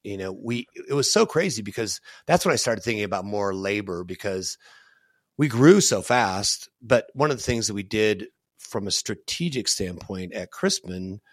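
A middle-aged man, a podcast guest, telling stories in a casual, animated way, full of "you know" fillers and the odd swear word. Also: lowish voice, moderate pace, no echo, clean studio sound. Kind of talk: casual storytelling interview.

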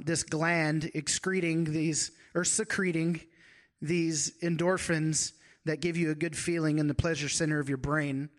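A man with a somewhat higher voice delivers a sermon. His manner is conversational rather than grand. He leans on rhetorical questions as he feels his way toward his point. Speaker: pastor.

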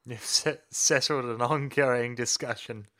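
A man's voice: mid-range voice, steady tone, a little slow, sharp tone. A man co-hosting a podcast, chiming in playfully with jokes and asides. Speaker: podcast co-host. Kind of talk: casual chat.

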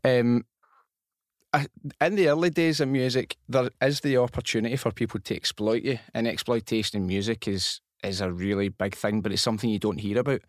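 A man's voice: mid-range voice, steady tone, a little fast, no echo, clean studio sound. A Scottish man hosting a podcast, asking long, rambling questions in casual slang. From Scotland. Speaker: podcast host. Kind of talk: casual interview chat.

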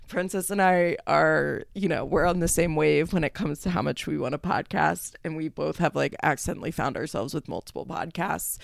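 Gravelly-voiced woman podcast host, rambling. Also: sits low, dry recording, studio quality. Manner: rambling, emotional, swears casually. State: tearful. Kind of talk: solo podcast announcement.

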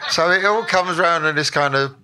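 A man, an interview guest telling rambling, animated anecdotes full of quoted voices. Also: a little high, unhurried. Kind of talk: anecdotal storytelling.

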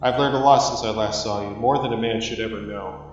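A man voicing a tired, loving husband who speaks low and soft. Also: fairly even intonation, a little fast, very echoey, soft background music, natural voice. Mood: weary. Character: weary, loving husband far away. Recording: slightly dull recording.

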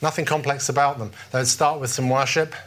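A man's voice: medium pitch, fairly even intonation, a little fast, fairly bright tone. Man, British accent, preacher, conversational, storytelling, restarts phrases. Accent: British English. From Britain. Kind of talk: informal sermon.

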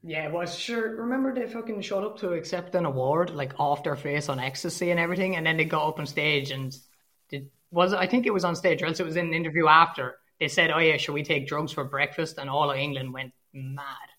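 Laid-back, slightly high-voiced young man. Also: brisk, sharp tone. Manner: laid-back listener, swears casually. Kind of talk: casual chat.

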